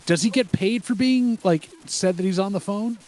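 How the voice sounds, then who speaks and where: A man's voice: high-pitched, normal speed, a little mellow. A man co-hosting a podcast, chatting casually and joking wryly while reacting live to a broadcast. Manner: wry, joking, tells anecdotes. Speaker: podcast co-host.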